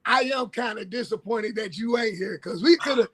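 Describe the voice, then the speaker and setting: A man co-hosting a casual sports talk livestream, telling stories with laughter and loud bursts. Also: high voice, moderate pace, husky. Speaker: co-host. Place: livestream call.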